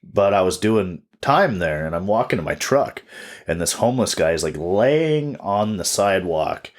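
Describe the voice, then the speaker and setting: A man's voice: deep voice, sing-song, normal speed. A man in his twenties, a comedian and podcast co-host, telling a story in casual chat, swearing freely and acting out quotes. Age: 20s.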